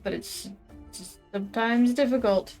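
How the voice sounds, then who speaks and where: A woman's voice: a little high, unhurried, darkish tone, soft background music. A woman hosting a live stream, chatting casually and laughing often as she signs off. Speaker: stream host. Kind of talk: casual stream sign-off chat.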